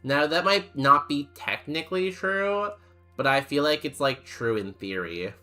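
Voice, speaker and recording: Slow-talking, jokey young male streamer. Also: a little high, animated, sharp tone, soft background music. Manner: rambling, filler-heavy, jokey. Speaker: game streamer. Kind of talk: casual chat while playing and reading chat.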